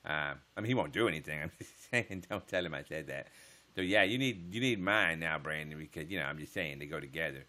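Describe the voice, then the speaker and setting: Man, livestream host, very low pitch, bright tone, joking, crude. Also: fast. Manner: joking, crude, laughs often; drops to a hush so as not to wake his household. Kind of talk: casual late-night chat with viewers.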